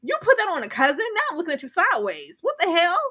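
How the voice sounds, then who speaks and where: Woman, high-pitched, very expressive, loud laughing co-host, incredulous recap chat. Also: very fast. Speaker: podcast co-host. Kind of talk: casual reality TV recap chat.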